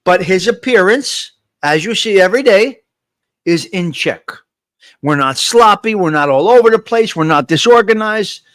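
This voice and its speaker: A man's voice: high-pitched, animated, normal speed, a bit bright, dry recording, studio quality. A man hosting a live morning coffee chat, talking straight to his viewers in a motivational, repetitive way and reading out their comments. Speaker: livestream host.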